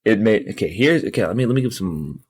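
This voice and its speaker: A man co-hosting a podcast in casual chat, sleepy and low on energy, laid-back and swearing a lot. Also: expressive, quick pace, a little mellow, husky, no room sound. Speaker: podcast co-host.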